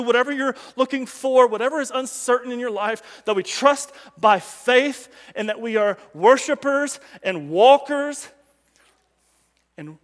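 A man preaching as a pastor on a Sunday morning, telling a story with animation and swinging from loud calls to hushed asides. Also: very high-pitched. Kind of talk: sermon. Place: church sanctuary. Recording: long hall reverb.

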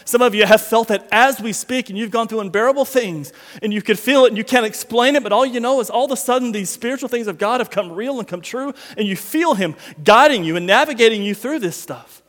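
Male pastor, high voice, preaching style, dynamic swings, long hall reverb. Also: fairly quick, hardly any pauses. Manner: preaches with swings from quiet to loud emphasis, addresses the congregation directly. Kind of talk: sermon. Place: church sanctuary.

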